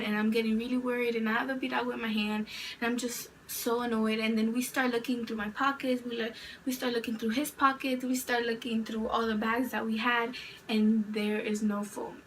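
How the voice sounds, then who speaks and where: A woman's voice: on the high side, level tone, brisk. A young adult woman vlogger telling a storytime tale in a rambling, chatty way, full of "like" fillers. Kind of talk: storytime narration. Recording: distant mic with faint background noise.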